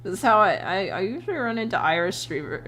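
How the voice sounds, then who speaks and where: A young adult woman streamer chatting casually while she draws, telling animated stories, laughing often and swearing freely. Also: mid-range voice, quick pace. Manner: animated storytelling with voiced quotes.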